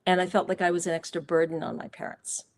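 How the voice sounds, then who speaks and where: A woman's voice: fairly low pitch, level tone, quick pace, slight background noise. Candid woman guest telling stories. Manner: candid, reflective, many fillers and restarts. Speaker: guest author and speaker. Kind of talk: live interview, personal storytelling.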